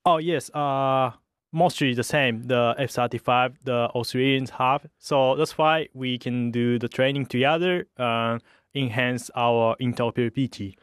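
A young man from Japan with a Japanese accent, a fighter pilot speaking English haltingly with many pauses in a radio interview. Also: medium pitch, clean tone, no echo, clean studio sound. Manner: hesitant, halting English with many uhs and light laughs.

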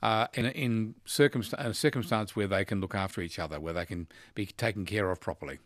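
A man hosting a casual talkback radio quiz, chatty and quick to laugh. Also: lowish voice, dry recording, clean studio sound. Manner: chatty, animated, laughs easily.

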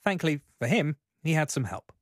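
A man presenting a sports news programme, reading a scripted tribute in a measured, sombre way. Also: fairly high pitch, big pitch swings, dry recording.

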